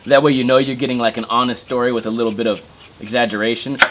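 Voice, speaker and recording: A man's voice: medium pitch, fast, heavy background noise. Rambling, foul-mouthed young man. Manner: swears constantly, rambling and animated. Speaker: skateboarding vlogger. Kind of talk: casual chat. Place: home room.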